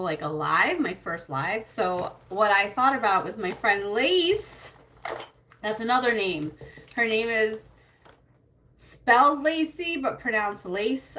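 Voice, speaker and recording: Bright, chatty woman hosting a live stream. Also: on the high side, a little hiss or hum. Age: adult with a child. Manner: chatty and scattered, greeting viewers by name; nervous, self-conscious laughter. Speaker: beauty livestream host. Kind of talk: casual live-stream chat.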